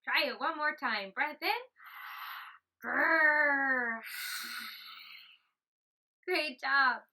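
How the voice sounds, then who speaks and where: A woman teaching a children's yoga class, telling a story and giving gentle, encouraging instructions. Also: sits high, normal speed, rough recording.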